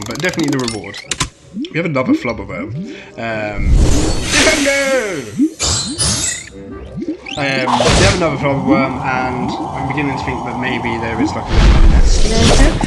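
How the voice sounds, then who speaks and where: A man giving casual, rambling commentary on a mobile game, with lots of ums and sudden excited outbursts. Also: mid-range voice.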